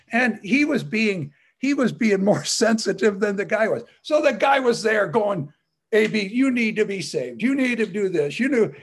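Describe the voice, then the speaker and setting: A man sharing a rambling personal testimony with fellow believers, chatty and full of "you know" fillers with frequent chuckles. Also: high-pitched.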